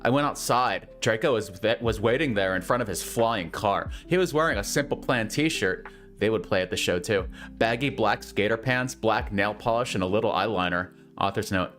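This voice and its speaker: A man's voice: fairly low pitch, normal speed, a bit bright, faint music behind. Man reading a story aloud for laughs. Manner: amused, breaks off to comment. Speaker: host reading fanfiction aloud. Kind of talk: comedic dramatic reading.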